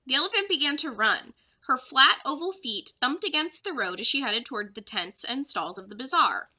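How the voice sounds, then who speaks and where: Bright, expressive teacher reading aloud. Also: female voice, high voice, moderate pace. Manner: expressive storyteller. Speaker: third-grade teacher. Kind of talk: reading a children's chapter book aloud.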